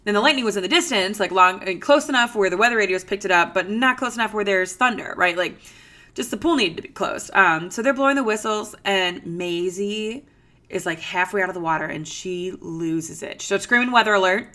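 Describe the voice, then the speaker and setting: A woman in her thirties hosting a podcast, telling a story in a chatty, animated way with lots of fillers. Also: mid-range voice, brisk. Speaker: podcast host. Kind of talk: casual storytelling monologue.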